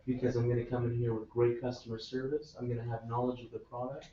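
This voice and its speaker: A man's voice: medium pitch, little pitch movement, quick pace, dark tone, a little hiss or hum. A man student giving nervous answers in a mock job interview during a class. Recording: echoey room from far off, muffled.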